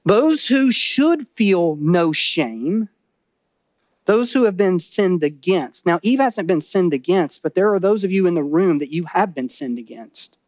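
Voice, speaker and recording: A man with a notably high voice delivers a church sermon, close and dry with no room sound. He talks animatedly, acting out little quotes and voices, then sinks into a lower, grave tone for warnings. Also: animated, moderate pace, darkish tone, no room sound. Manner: drops to a low, serious tone for warnings. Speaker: pastor.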